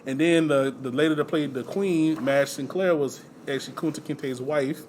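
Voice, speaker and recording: A man casually telling stories in conversation, relaxed and laughing often, with lots of fillers. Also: fairly high pitch, normal speed, slight background noise. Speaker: podcast host. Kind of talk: casual chat.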